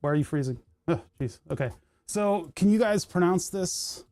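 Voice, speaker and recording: A streamer from Pennsylvania chats casually while working at a computer, rambling from tangent to tangent and cutting off their own sentences. Their voice is mellow and darker, with an even, middling pitch and a moderate pace.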